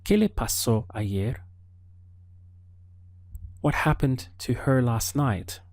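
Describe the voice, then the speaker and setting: A man teaching an audio language lesson, prompting the listener patiently and pausing for answers. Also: medium pitch, big pitch swings, a little mellow, dry recording. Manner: slow, patient prompting with pauses for the learner.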